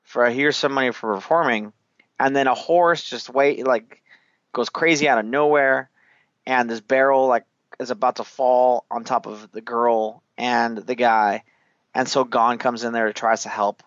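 A man's voice: mid-range voice, steady tone, measured pace, no echo, highs cut off. A man chatting casually and swearing often as he loosely retells a movie's scenes, laughing along the way. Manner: loose, profane, laughing storyteller. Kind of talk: casual chat recapping a movie.

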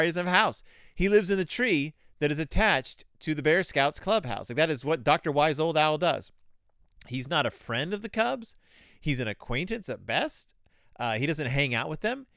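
Homme sarcastique, voix lisse et animée. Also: male voice, fairly high pitch, a bit bright, clear, resonant tone, no room sound, studio quality. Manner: sarcastic, rambling, many "like" asides. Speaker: podcast host reviewing children's books. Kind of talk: casual comedic commentary.

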